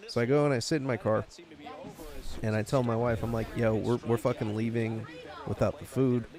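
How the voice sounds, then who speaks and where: A man's voice: mid-range voice, fairly even intonation, brisk, a crowd in the background. A young man co-hosting a podcast, telling a long story in casual profane chat with plenty of swearing and filler. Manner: rambling storyteller, swears a lot. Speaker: podcast co-host.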